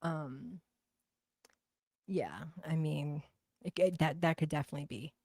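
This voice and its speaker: A deep, gravelly woman with a thick Boston accent hosts a casual livestream, chatting bluntly with viewers and swearing freely. Her voice is mellow and low, and the recording is dry and close with no room echo. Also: a little slow. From New Bedford, Massachusetts. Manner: blunt, profane, chatty, gossipy. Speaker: livestream host. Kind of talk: casual livestream chat reading viewer comments.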